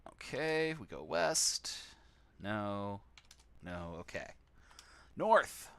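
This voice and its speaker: A man's voice: lowish voice, big pitch swings, drawn-out words, gravelly, fairly bright tone, clear, resonant tone. A man casually commenting on a text adventure game he plays on stream, with sarcastic, wry asides.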